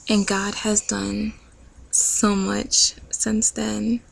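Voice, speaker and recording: A woman's voice: mid-range voice, completely flat delivery, drawn-out words, vocal fry, poor audio. A young adult woman telling an earnest, chatty personal story in a casual vlog, with many fillers. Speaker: vlogger.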